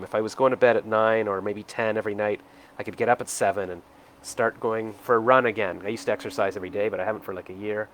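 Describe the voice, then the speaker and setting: A man's voice: fairly low pitch, fast talker, slight background noise. A man in his forties talking to the camera from home in a rambling, hesitant, self-reflective way. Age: 40s. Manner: rambling, hesitant, full of fillers. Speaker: vlogger. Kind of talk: casual self-reflective monologue.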